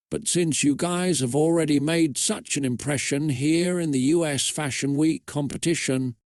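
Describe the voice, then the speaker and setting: A man's voice: fairly high pitch, a little mellow, no echo, clean studio sound. A man doing a gushing contest host. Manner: showy, over-the-top announcing.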